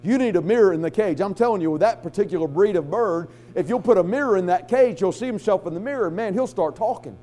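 A man's voice: sits high, animated, quick pace, hardly any pauses, mellow. A man voicing an eager, apologetic male pet store owner who keeps upselling. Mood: salesy. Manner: salesy, apologetic, reassuring.

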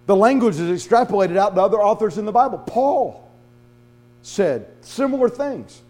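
This high-pitched preacher keeps a moderate pace through an animated, story-filled sermon, voicing the people in his tales himself.

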